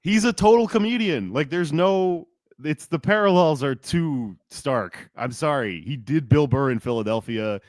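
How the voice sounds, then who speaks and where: A man hosting a podcast, telling a history story in a loose, profane, animated way and acting out shouted lines. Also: mid-range voice, measured pace, hardly any pauses, no room sound, clean studio sound. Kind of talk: casual storytelling chat.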